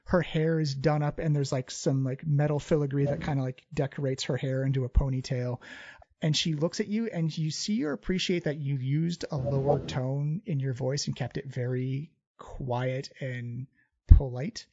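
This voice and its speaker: A man's voice: medium pitch, moderate pace, dark tone, lo-fi sound. A man narrating a tabletop game as game master in a loose, filler-heavy way.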